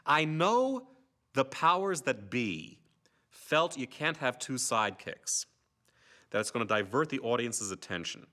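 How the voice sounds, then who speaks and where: An older actor reminiscing casually about his years on a TV series, an animated storyteller who slips into comic voices. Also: medium pitch, measured pace.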